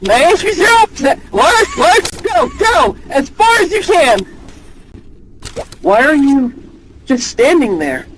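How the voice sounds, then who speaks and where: A performer voicing a frantic male cartoon dog who shouts urgent orders. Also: high-pitched, very animated, slow, background noise, heavily acted.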